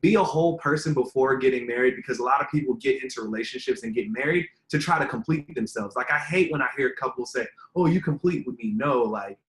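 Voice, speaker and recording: A man at middle pitch talks through his answers earnestly, circling back with lots of fillers as he works toward his point. His voice carries a noticeable room echo, as if recorded in an open space. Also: quick pace, few pauses, a bit bright. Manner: earnest, rambling, many fillers. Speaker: relationship content creator, guest. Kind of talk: casual interview answers. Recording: roomy echo.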